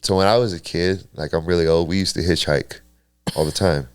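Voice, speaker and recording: A man's voice: low voice, fairly even intonation, a little fast, clean tone, no echo. A man from Kentucky and South Texas hosting a podcast, swearing freely and laughing through a story. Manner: laughing, profane storyteller who acts out voices. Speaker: podcast host. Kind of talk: casual storytelling chat.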